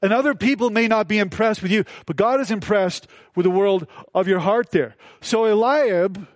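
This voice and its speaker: A man with a high voice preaches a sermon as pastor. He keeps it folksy and conversational, acting out the quotes as he goes. The sound is dry and close, with no room echo. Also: normal speed. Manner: conversational, folksy, with frequent fillers and acted-out quotes. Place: church.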